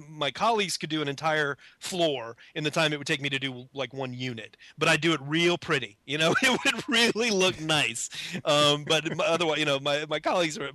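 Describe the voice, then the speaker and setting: Self-mocking male storyteller, animated and bright, close dry sound. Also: a little high, dry recording. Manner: self-mocking, animated, acts out his own shocked voice. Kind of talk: casual anecdote.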